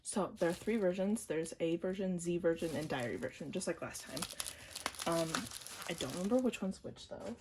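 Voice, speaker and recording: A woman chatting casually to camera while unboxing, excitable and prone to gasps and squeals, then dropping into quiet mumbles. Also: on the low side, moderate pace, background noise. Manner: drops to quiet mumbles between outbursts. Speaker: vlogger unboxing albums.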